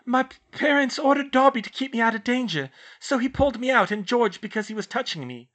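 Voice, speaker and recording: A man's voice: very high-pitched, sing-song, normal speed, pushed and bright, voice pushed up, exaggerated voice. A man voicing an anxious teenage schoolgirl witch who talks in a flustered rush. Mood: distraught.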